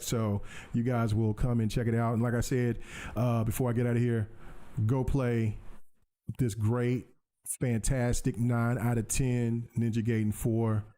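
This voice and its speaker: A man hosting a casual gaming podcast stream, talking excitedly to his viewers and hyping up his own gameplay. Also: medium pitch. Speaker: podcast host. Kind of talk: casual livestream chat while gaming.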